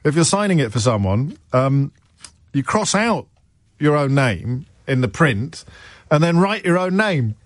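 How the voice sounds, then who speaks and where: A man's voice: a little high, very animated, a little slow, no echo. A middle-aged man hosting a radio phone-in, talking in a chatty, wry, digressive way with self-mocking asides. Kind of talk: talk radio monologue. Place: radio studio. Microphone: studio microphone.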